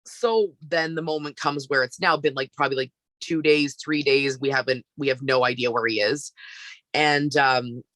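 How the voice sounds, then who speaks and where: A woman from Canada, a wrestler guest on a podcast, telling a story in a casual, animated way with lots of fillers. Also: extremely low pitch, moderate pace, no room sound.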